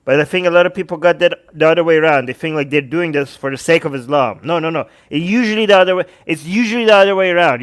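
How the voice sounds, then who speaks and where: A man hosting a livestream, reacting to videos with sarcastic, animated commentary and talking to his chat. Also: on the high side. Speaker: livestream host.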